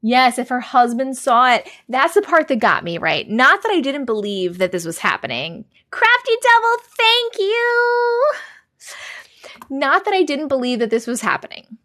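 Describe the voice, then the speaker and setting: A woman's voice: fairly high pitch, normal speed, few pauses, no room sound, clean studio sound. A woman hosting a live stream, reading viewers' scary stories aloud and reacting to chat. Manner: expressive, reacts with gasps and laughs between reading.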